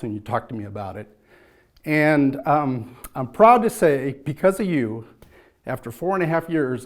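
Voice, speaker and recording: A man's voice: on the high side, a little mellow. A middle-aged man giving a rambling, chatty tribute to an old friend in a church, full of "uh" and "you know". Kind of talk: informal farewell tribute.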